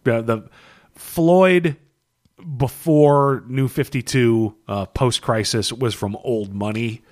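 A man's voice: medium pitch, takes it slowly, a little mellow. A man co-hosting a casual comic book podcast, rambling and swearing, laughing often, worn out after a long session. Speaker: podcast co-host.

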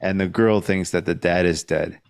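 A man co-hosting a casual podcast, calmly reflecting on a film's story. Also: low-pitched, moderate pace, creaky, clear, resonant tone. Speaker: podcast co-host. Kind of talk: casual film review chat.

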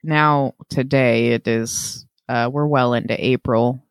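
A man's voice: medium pitch, fairly even intonation, slow pace, gravelly, clear, resonant tone, dry recording, studio quality. A man co-hosting a podcast in casual chat, easygoing and joking, with plenty of fillers. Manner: easygoing, joking, lots of likes and ums. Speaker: podcast co-host.

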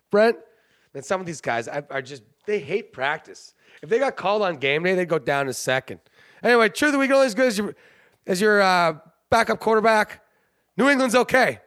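Man, high voice, sports podcast host, rambling, joking, laughs a lot. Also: fairly bright tone, no echo, clean studio sound. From Canada. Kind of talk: casual sports commentary.

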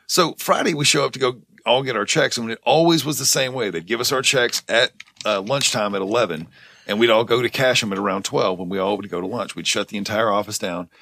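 A man's voice: medium pitch, fairly quick, gravelly, dry recording. A young man on a podcast, telling a story in a casual chat. He swears a lot and works himself up as he talks. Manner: animated storyteller, swears a lot, gets heated. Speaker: podcast co-host.

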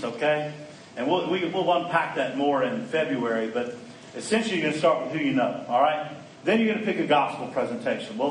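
Man, middle-aged, folksy conference preacher, slightly high voice, roomy hall from a distance. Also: slight background noise. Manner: folksy, animated, acts out dialogue. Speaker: conference speaker. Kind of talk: preaching talk. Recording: echoey room, mic at a distance.

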